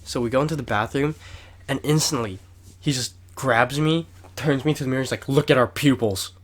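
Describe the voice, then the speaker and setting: With a mid-range voice and a fairly quick pace, a young podcast co-host spins a long, rambling story full of swearing. His retelling is lively, and his voice rises when he acts out quotes.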